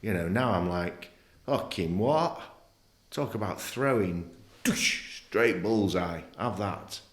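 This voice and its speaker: A podcast guest from England, with a deep, slightly bright voice, speaks slowly in a roomy-sounding space. In this candid interview conversation, he tells his story bluntly and animatedly, swearing often.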